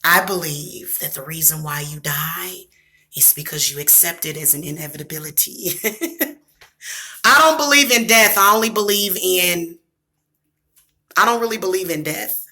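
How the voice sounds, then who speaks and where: A woman's voice: lowish voice, normal speed, pauses often, bright, forceful tone. A woman from the American Midwest with a Southern accent, chatting casually on a livestream, rambling and talking to her viewers. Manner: rambling, talks to chat viewers. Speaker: livestream host. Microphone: device camera.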